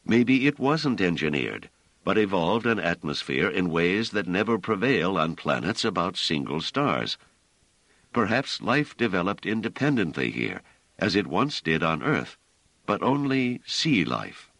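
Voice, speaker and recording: A mild, thoughtful scholar in a storybook, reasoning gently through ideas, played by a male narrator with a deep voice. The recording is dry and close, with no room tone. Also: big pitch swings, a little slow, gravelly, no echo, heavily acted. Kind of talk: audiobook character voice.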